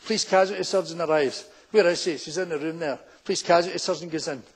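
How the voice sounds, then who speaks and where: An older Scottish man with a broad Glaswegian accent spins police anecdotes as live stand-up, slipping into the voices of the people he met. His voice sits fairly high for a man and has a husky edge to it. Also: fast. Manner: anecdotal, acts out quoted characters in broad local dialect. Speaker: stand-up comedian, former policeman. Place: town hall stage before a full house.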